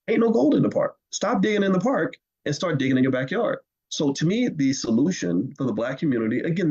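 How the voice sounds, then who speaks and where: Fired up guy ranting, lively up and down voice, bit muffled lo-fi sound. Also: medium pitch, slightly rough. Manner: animated, emphatic, repeats words. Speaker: commentator. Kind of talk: impassioned commentary.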